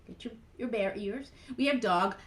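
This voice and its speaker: A woman's voice: mid-range voice, moderate pace, fairly bright tone, slight background noise. A woman cantor leading a playful children's program over a video call, animatedly guiding kids through movements.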